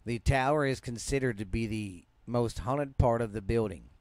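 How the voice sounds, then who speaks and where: A man's voice: medium pitch, normal speed, darkish tone, dry recording. A man with a Southern US accent, hosting a podcast and casually reading ghost stories aloud, often stumbling and restarting words in a laid-back, yawning way. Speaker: podcast host.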